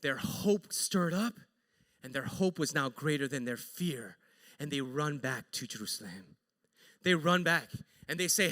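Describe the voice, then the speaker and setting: A male pastor preaches a sermon as an animated storyteller, acting out the voices of his characters. His voice sits high and bright and rises and falls a great deal. The sound rings out with a long reverb from the church hall. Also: moderate pace. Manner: animated storyteller who acts out quotes. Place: church sanctuary.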